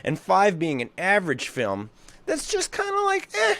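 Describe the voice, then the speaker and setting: A man's voice: sits high, huge pitch swings, moderate pace, gravelly, fairly bright tone, dry recording. A man hosting a horror film podcast, jokey and rambling, chatting casually and putting on silly voices now and then. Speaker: podcast host.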